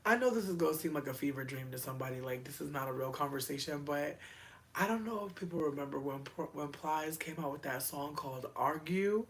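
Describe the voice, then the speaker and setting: Talking casually to his audience, a livestreamer rambles and swears, tossing in quick asides, excited outbursts, and plenty of slang. His voice sits in the middle range.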